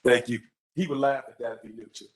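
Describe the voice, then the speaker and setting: A man who is a candidate at a public college forum, answering an audience question with an animated story, often repeating words as he restarts. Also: mid-range voice, fast talker, low-quality recording.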